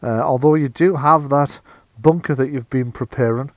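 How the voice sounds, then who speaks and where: A man as game master narrating a tabletop game in a relaxed, chatty way. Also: mid-range voice, moderate pace, dry recording. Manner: relaxed, chatty, laughs easily.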